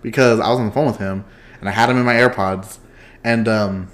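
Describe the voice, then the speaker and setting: A man's voice: on the low side, fairly even intonation, fairly quick. A man from Texas, hosting a podcast and chatting casually with a friend, joking, laughing often and acting out quoted lines. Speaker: podcast host. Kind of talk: casual chat.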